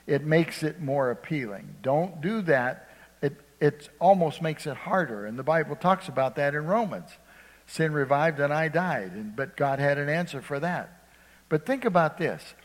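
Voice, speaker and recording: A man's voice: fairly high pitch, expressive, moderate pace. Preacher man, echoing church hall. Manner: emphatic, asks the congregation "Amen?" often, acts out quoted speakers. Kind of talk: sermon. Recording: long reverb of a large hall.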